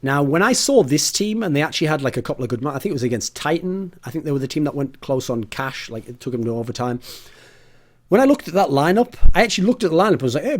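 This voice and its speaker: Blunt, casual male esports commentator. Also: mid-range voice. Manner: casual, blunt, swears, rambling asides. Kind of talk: opinion monologue.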